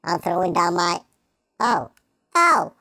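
A man voicing an excitable male cartoon chipmunk who plays a game and yells at it, with a sped-up high-pitched voice. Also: slow pace, vocal fry, very noisy, exaggerated voice. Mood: playful. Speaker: gameplay commentator. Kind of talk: let's-play commentary in character. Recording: game music underneath.

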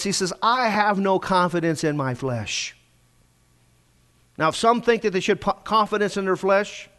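A middle-aged male pastor preaching a sermon in a church, telling his own story and swinging between loud urgency and hushed quiet. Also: high-pitched. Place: church sanctuary.

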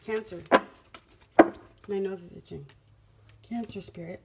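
A woman's voice: medium pitch, fairly even intonation, a little slow, very noisy. A woman giving a casual tarot reading, emphatic and repeating phrases for effect. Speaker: tarot reader.

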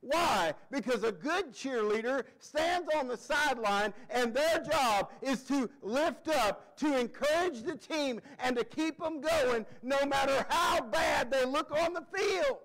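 A male pastor preaching a folksy, excitable sermon, often breaking into shouted cheers. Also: very high voice, measured pace, few pauses, rough recording.

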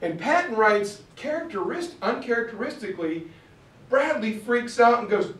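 A man giving an informal history lecture from a map, telling it as a story, acting out quotes and clearing his throat now and then. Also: high-pitched, animated, normal speed, fairly bright tone, distant mic. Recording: roomy sound from off-mic.

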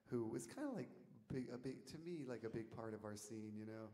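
A man telling a rambling story from the stage of a concert hall, animated and laughing, shouting out the lines he quotes. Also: mid-range voice, a little fast, hardly any pauses, faint music behind. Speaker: musician telling stories on stage. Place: concert hall, live audience. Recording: audience tape in a reverberant hall, faint noise.

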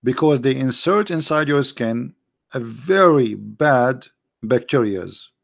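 A man's voice: medium pitch, lively intonation, slow pace, vocal fry. A man giving sarcastic, argumentative commentary in broken English grammar. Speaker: religious debater. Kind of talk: mocking commentary.

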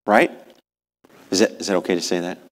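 Folksy preacher with animated delivery. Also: male voice, sits low, a little fast. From rural upbringing. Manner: animated, folksy, asks the congregation questions. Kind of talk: sermon. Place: church sanctuary.

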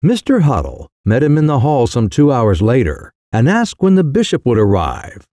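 A man narrating a comic short story in a wry, expressive storytelling manner. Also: medium pitch, normal speed, no echo, studio quality. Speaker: audiobook narrator.

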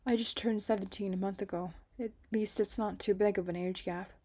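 A woman's voice: mid-range voice, fairly even intonation, brisk, close to an everyday voice. A woman voicing Stormcolor, a tender, wounded seventeen-year-old boy, in a murmuring voice. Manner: soft, murmuring.

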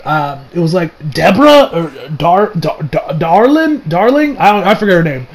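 A young man with a notably high voice talks through a movie review in a loose, rambling way. He gets excitable, swears freely, and jumps into squeaky mock voices when he quotes people. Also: normal speed, a crowd in the background. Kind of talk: casual spoken movie review.

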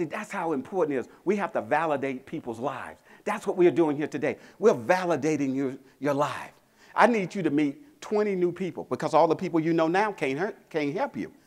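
A middle-aged man from Mississippi, giving a motivational keynote speech and telling stories with acted-out quotes. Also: a little high. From Mississippi, USA. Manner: animated storytelling, acting out quotes, rallying the crowd. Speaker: motivational speaker. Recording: convention hall.

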